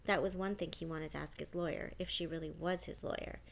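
Low-voiced woman reading a novel aloud. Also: brisk, creaky. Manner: steady reading with small restarts. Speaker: audiobook narrator.

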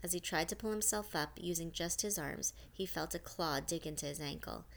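A woman reading a novel aloud as an audiobook, steady with a few small restarts. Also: fairly low pitch, a little fast, slight background noise. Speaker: audiobook narrator.

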